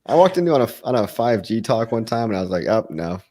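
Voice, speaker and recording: A man co-hosting a crypto podcast, bantering in a relaxed, laid-back way with some swearing. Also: mid-range voice, fast. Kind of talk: casual profane chat.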